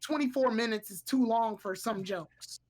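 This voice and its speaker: A woman's voice: fairly high pitch, normal speed, darkish tone. A woman co-hosting a podcast in casual chat, rambling along with lots of filler words and restarts. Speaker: podcast co-host.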